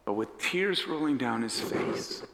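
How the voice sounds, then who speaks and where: A pastor preaching a storytelling sermon, dramatic and animated, acting out the characters as he goes. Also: mid-range voice, unhurried, background noise. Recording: echoey hall reverb.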